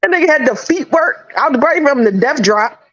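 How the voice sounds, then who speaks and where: A woman telling gossip stories in a casual chat, profane and laughing loudly as she talks. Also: high-pitched, expressive, fast. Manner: profane, laughing, loud storytelling. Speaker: co-host gossiping. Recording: dull lo-fi audio.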